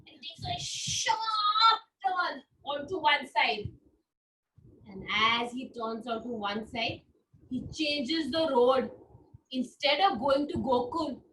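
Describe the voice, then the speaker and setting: A woman telling a story to children and leading them through yoga poses in an animated way. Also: sits high, recorded from a distance, slight background noise, low-quality recording.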